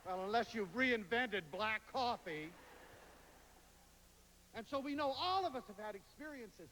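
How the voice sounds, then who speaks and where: A man giving a lively lecture to an audience, telling stories and slipping into playful voices when he quotes people. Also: high-pitched, a little slow, pauses often. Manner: animated storyteller, quotes others in playful voices. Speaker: public speaker. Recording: hall reverb, faint hiss.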